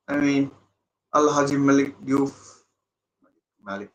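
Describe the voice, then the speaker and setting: Man, fan match-watch commentary, slow delivery, bright edgy voice, sudden excited outbursts. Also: mid-range voice, rough recording. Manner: excitable outbursts between muttered asides.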